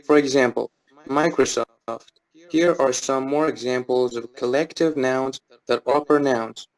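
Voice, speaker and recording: A male student reading a grammar textbook aloud in class, steady with small restarts on words. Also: medium pitch, measured pace, low-quality recording.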